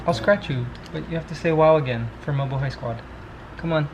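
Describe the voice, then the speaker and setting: A man's voice: on the high side, fairly quick, music in the background, poor audio. A man in his thirties vlogging casually, coaxing his pet parrot in a playful baby-talk voice. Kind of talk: casual vlog talk to camera.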